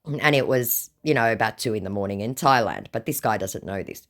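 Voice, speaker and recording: A woman's voice: rumbling low, a little fast, fairly bright tone. A woman host telling a story in a dry, sarcastic way, reading out scam chats. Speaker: scam baiter, channel host. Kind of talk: casual storytelling to camera.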